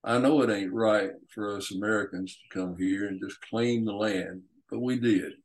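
A man's voice: lowish voice, fairly even intonation, moderate pace, natural voice, poor audio. A man reading as a blunt, weathered old frontier mentor who gives plainspoken, folksy advice. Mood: grave.

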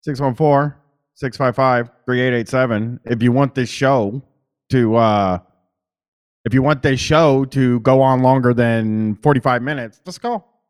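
A man's voice: mid-range voice, steady tone, measured pace, smooth. A man with a Midwestern accent hosting a call-in show, rambling and casual, with plenty of fillers and swearing. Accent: Midwestern American. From Columbus, Ohio.

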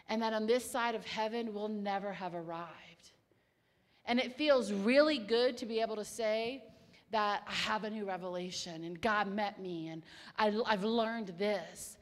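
A woman's voice: mid-range voice, a little slow, long reverb tail. A woman preaching a sermon, telling stories with emphasis and dropping to whispers at times. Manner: swings from hushed whispers to loud exclamations; storytelling, animated and emphatic.

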